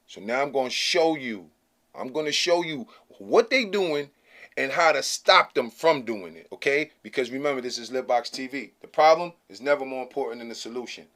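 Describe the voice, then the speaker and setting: A man's voice: medium pitch, a bit bright. Male channel host, emphatic casual commentary, blunt and repetitive, mid-range voice. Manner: emphatic and repetitive, keeps asking "okay?"; blunt, slangy and profane.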